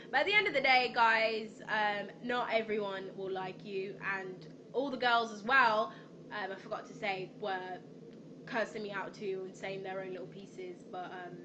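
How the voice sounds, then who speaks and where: A woman's voice: mid-range voice, pushed and bright, slight background noise, poor audio. A young woman rambling through a storytime vlog, with lots of ums and restarts. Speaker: vlogger.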